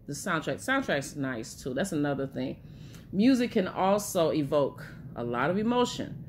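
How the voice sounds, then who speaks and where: A woman vlogger chatting casually about movies in an emotional, gushing way. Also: mid-range voice. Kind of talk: casual movie-recommendation vlog.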